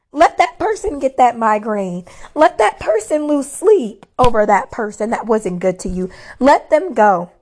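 A woman with a hoarse, worn voice, giving casual faith-based encouragement to viewers and repeating her key lines for emphasis. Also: a little high. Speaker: faith-based motivational speaker.

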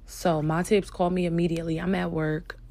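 A young woman telling a personal story in a soft-spoken, hesitant way, with many fillers and restarts. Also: on the low side, level tone, brisk, vocal fry. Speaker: vlogger sharing a personal story.

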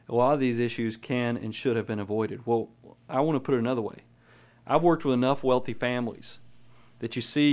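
Brief: male money-show host, opinionated, emphatic, talks in restarts, mid pitch, American. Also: a little mellow. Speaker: podcast host, money manager. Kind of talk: casual opinionated monologue.

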